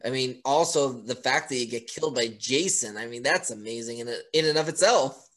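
A man's voice: medium pitch, a little fast, fairly bright tone. A man hosting an interview, chatting eagerly like a fan and listing names and credits. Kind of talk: casual interview chat.

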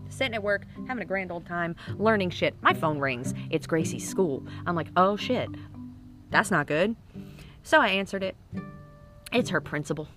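A woman's voice: on the low side, expressive, moderate pace, over music. Profane woman in her thirties, chatty. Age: 30s. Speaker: parent telling stories about her kids. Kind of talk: casual comic storytelling to camera.

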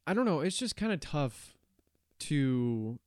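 A man's voice: on the high side, sing-song, slow pace, a little mellow, clear, resonant tone, dry recording, studio quality. A man co-hosting a podcast, talking in a reflective, agreeing way. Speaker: podcast co-host. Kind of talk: casual chat.

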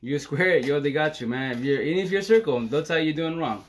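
A man talking fast on a casual live stream, excitable and slangy, swearing freely and filling his talk with "you know". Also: on the high side. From Seattle area. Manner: fast, excitable, slangy and profane with constant fillers. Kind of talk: casual Facebook Live monologue.

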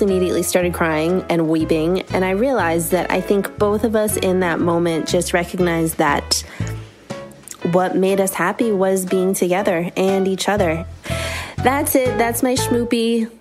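Woman telling a family story over music. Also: lowish voice. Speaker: guest podcaster. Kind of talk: casual storytelling.

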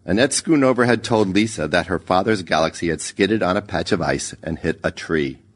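A man narrating a short story in a measured, expressive reading. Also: low-pitched.

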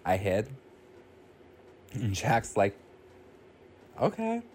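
This is a man walking listeners through a horror film in a loose, chatty recap. His delivery is unhurried, but his pitch jumps around with real animation as he acts out the characters' lines. He swears freely and laughs easily as he goes. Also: very animated, darkish tone, a little hiss or hum. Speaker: movie recap host.

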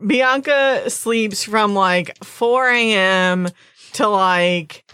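Unhurried female player, hesitant, casual swearing, dry sound. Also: medium pitch, sharp tone, clear, resonant tone, dry recording. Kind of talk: playing a tabletop game in character.

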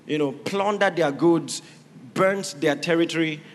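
A man preaching a sermon, emphatic and rising to shouted exhortations. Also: fairly high pitch, a little slow, a little hiss or hum. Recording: reverberant hall with faint ambience.

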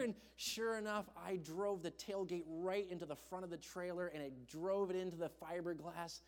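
A young man preaching from the pulpit, slightly high-voiced and animated as he tells his own story. His voice rings out with a long reverb in a church hall. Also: normal speed, hardly any pauses. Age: young adult. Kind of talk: storytelling sermon.

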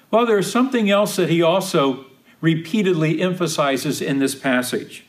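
A man teaching a Bible study, speaking slowly and deliberately and stressing key phrases with emphatic repetition. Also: high-pitched. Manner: slow, deliberate, emphatic repetition of quoted verses.

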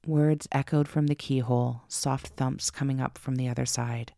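A woman narrating a first-person ghost story for her podcast, slow and suspenseful. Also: rumbling low, level tone, vocal fry, dark tone, no room sound, clean studio sound.

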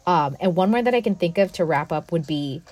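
A woman's voice: lowish voice, expressive, fairly quick, darkish tone. A young woman chatting casually and enthusiastically as a podcast co-host, full of fillers. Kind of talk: casual chat.

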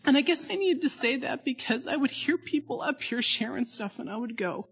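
Woman, recovery meeting share, candid, halting, dull lo-fi recording. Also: sits high, lively intonation, fairly bright tone. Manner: candid, self-mocking, halting. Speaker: AA meeting speaker. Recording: dull lo-fi tape.

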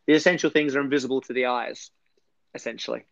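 A man's voice: mid-range voice, steady tone, brisk, vocal fry, a bit bright, no room sound, dull audio. A man talking enthusiastically as a guest in a casual interview, rambling a little with restarts. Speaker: podcast guest.

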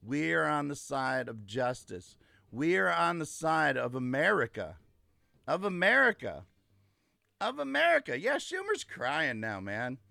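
A man's voice: medium pitch, very animated, measured pace, vocal fry, sharp tone, no room sound, studio quality. A man hosting a casual livestream, ranting emphatically and gloating, repeating his points. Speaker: livestream host. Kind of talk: casual political livestream rant.

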